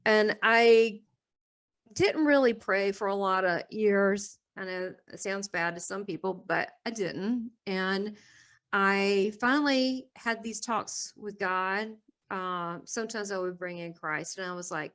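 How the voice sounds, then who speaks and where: A woman's voice: mid-range voice, unhurried, fairly bright tone. A middle-aged woman, a guest in an interview, telling her story candidly and rambling through restarts with a laugh now and then. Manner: rambling, restarts often, laughs between thoughts.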